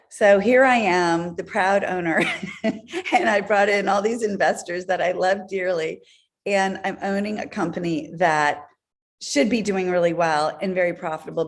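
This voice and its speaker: A woman guest on an interview show, telling business stories in an animated way with laughs along the way. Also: lowish voice. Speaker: guest, entrepreneur. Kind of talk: conversational storytelling.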